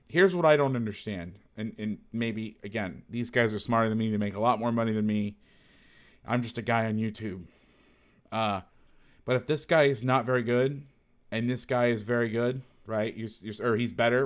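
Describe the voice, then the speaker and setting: A man who coaches football, talking casually through game film, blunt and salty, thinking aloud and correcting himself as he goes. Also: mid-range voice.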